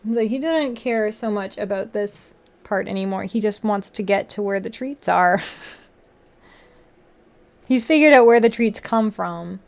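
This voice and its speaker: A woman's voice: mid-range voice, unhurried, vocal fry, pauses often. A young woman livestreaming, chatting with viewers and talking baby talk to her cat. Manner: playful baby talk to a pet. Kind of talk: casual chat with chat and her cat.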